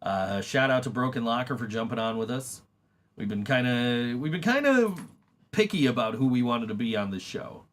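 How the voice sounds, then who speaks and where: A man's voice: mid-range voice, normal speed. A man hosting a casual podcast, laughing often and swearing freely, with many restarts as he talks about his band. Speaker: podcast host and band member. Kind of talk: casual chat.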